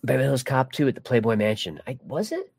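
A man's voice: mid-range voice, sing-song, fast talker, creaky, darkish tone, breathy edge, dry recording. A man hosting a live stream, chatting casually and joking while reading viewer comments. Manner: rambling, jokey, many restarts. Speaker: livestream host.

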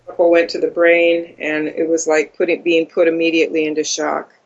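An interview guest giving a first-person account in a halting way, with many ums and uhs. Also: medium pitch, completely flat delivery. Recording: dull lo-fi audio.

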